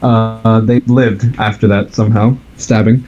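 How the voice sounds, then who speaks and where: A man's voice: fairly low pitch, flat delivery, a little slow, warm tone, dull audio, slight background noise. A man casually talking through a movie plot with a friend, loose and rambling. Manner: loose, rambling, with fillers and laughs. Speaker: movie reviewer. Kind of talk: casual movie recap chat.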